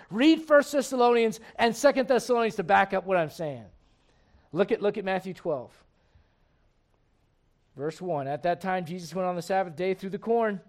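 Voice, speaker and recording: A man preaching a sermon in an impassioned, conversational way, firing off rhetorical questions to his listeners. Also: high-pitched.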